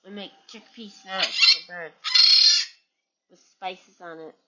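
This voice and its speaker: A woman's voice: mid-range voice, slow, lo-fi sound, very noisy. A woman hosting a parrot channel, chatting casually at home with her birds and reading viewer comments.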